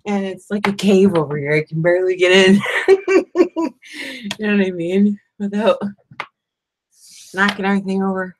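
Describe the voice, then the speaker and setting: A woman's voice: medium pitch, fairly even intonation, a little fast, slight background noise. A middle-aged woman chatting casually and sleepily on a live stream, rambling and asking "you know what I mean" often. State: sleepy, yawning. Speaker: crafting channel host.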